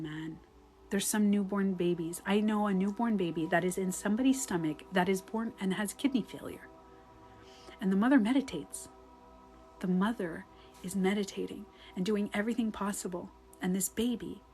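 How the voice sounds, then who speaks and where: This live-stream coach is a woman with a mid-range voice who chats casually and takes viewer comments. Rambling and frank, she swears and laughs easily and occasionally drops her voice low and hushed.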